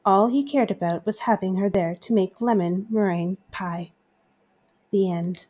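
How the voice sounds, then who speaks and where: A woman hosting a children's story podcast, reading aloud in a gentle, expressive way. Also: mid-range voice, unhurried.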